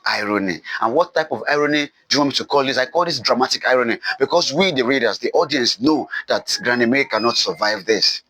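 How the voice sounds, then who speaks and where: Bright-voiced man teaching a literature lesson. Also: mid-range voice, fast, hardly any pauses, poor audio. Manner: repetitive, emphatic, asks questions and answers them himself.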